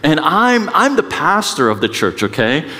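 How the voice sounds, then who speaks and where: A middle-aged man preaching a sermon as a pastor, conversational and self-mocking, with lively emphasis and frequent asides. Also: a little high, normal speed, big-room sound. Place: church sanctuary.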